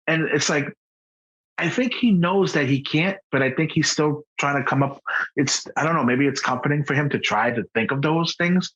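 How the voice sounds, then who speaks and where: Man, podcast guest, husky mid-range voice, halting earnest delivery with frequent restarts, dull lo-fi audio. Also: on the high side, fairly bright tone. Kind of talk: candid personal conversation.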